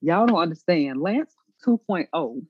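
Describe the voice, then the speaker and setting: A woman talking in a casual chat among friends, animated and emphatic, laughing often. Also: lowish voice, a little slow, muffled recording, slight background noise.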